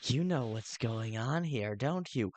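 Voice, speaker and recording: A man's voice: medium pitch, lively intonation, unhurried, a little mellow, a little hiss or hum, close to an everyday voice. A man doing Flowey, a sly flower with a fake Southern drawl. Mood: mocking. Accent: put-on American Southern. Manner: singsong, turning mocking and menacing. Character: sly evil talking flower, falsely sweet.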